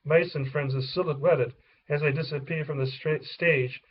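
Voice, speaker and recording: A man's voice: a little high, fairly even intonation, normal speed, slightly rough. A man reading the stage directions of a children's play aloud in a plain way. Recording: distant, dull lo-fi recording.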